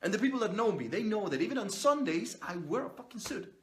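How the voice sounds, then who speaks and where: Speaking quickly in a high-pitched, very animated voice, this man is a motivational vlogger filming himself on a phone or camera. He swears freely through a blunt monologue urging his audience to stand on their own two feet.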